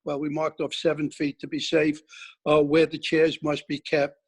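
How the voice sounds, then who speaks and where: Man, monotone, hesitant director speaking over a video call. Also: on the high side, normal speed, vocal fry, slightly rough, poor audio. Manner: hesitant, many uh fillers. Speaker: board director. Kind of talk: online board meeting.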